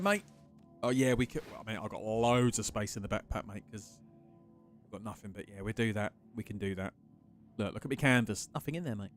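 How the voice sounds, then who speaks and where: A man chatting casually and swearing as he streams a game, greeting his chat by name. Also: on the low side. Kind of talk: casual live-stream commentary while gaming.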